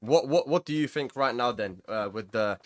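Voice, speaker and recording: A man's voice: medium pitch, animated, moderate pace. A man hosting a casual online podcast, teasing and laughing, often repeating his words. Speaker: podcast host.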